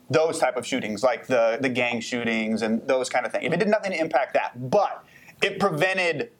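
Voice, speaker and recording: A man talking casually on a podcast, rambling with many restarts and fillers. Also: medium pitch. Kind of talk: casual chat.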